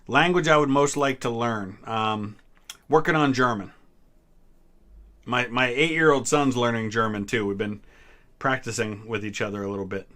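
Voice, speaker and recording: A man's voice: medium pitch, normal speed, pushed and bright. A man in his thirties from the US Midwest, hosting a casual live-stream trivia chat and answering viewers' questions with small hesitations. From Ohio, US Midwest. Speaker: history channel host.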